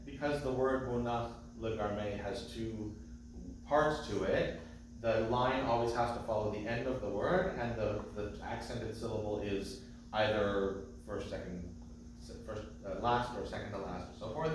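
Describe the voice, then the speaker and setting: A man's voice: lowish voice, steady tone, normal speed, noisy background. A man teaching a trope class as cantor, who speaks patiently and chants the phrases. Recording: echoey room, mic at a distance.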